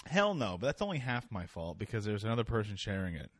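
A man's voice: on the low side, very animated, fast talker, dry recording, clean studio sound. Joking, profane male podcast host. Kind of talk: casual comedic chat.

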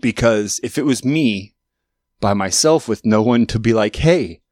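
A man in his late thirties hosting a podcast, telling rambling self-mocking stories with sudden jumps in pitch. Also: normal speed, a little mellow, dry recording, clean studio sound. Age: 30s. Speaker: podcast host. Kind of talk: casual chat. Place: studio.

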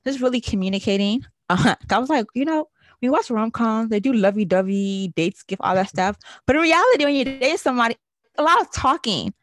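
Woman podcast co-host, animated storyteller who voices quotes, dry recording. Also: mid-range voice, fairly quick, dry recording. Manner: animated storytelling, acts out quotes, laughs often. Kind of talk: casual podcast chat.

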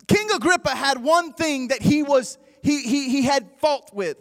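Shouting high-pitched preacher in a hall. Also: male voice, lively intonation, measured pace, hardly any pauses. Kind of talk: sermon. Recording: long hall reverb.

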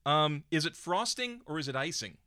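A man's voice: a little high, lively intonation, moderate pace, pushed and bright, clean tone, no room sound, studio quality. A man co-hosting a casual chat show, joking around with a playful back-and-forth. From United States. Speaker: podcast co-host.

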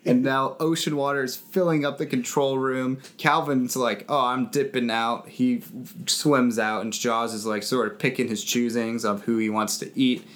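A man co-hosting a podcast, recapping a movie in a jokey way and often breaking into silly voices. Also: moderate pace. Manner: animated, jokey, jumps into squeaky character voices. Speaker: podcast co-host. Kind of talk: casual movie recap chat.

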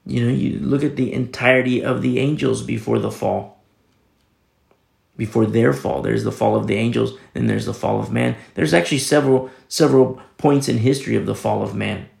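A man's voice: mid-range voice, steady tone, normal speed, gravelly, a little mellow, echoey room. A man pastor giving a conversational Bible teaching sermon, rambling with many restarts and sudden emphatic rises.

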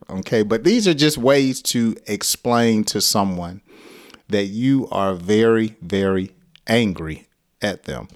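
A middle-aged American man with a somewhat low voice gives a casual English lesson, acting out angry example phrases and laughing often. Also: takes it slowly. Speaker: English teacher.

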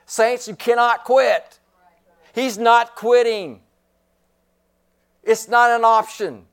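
A man's voice: very high voice, fairly even intonation, slow pace. A man preaching a sermon as pastor, emphatic and given to repeating his phrases.

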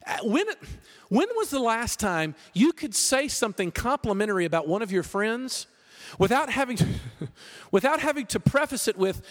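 A man preaching a sermon as pastor, conversational and animated, with jokes. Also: extremely high pitch, moderate pace, in a large hall.

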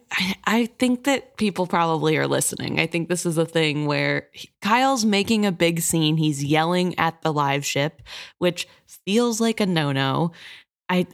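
A woman co-hosting a book podcast, chatting about the story in a lively, opinionated way. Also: low voice, moderate pace. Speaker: podcast co-host.

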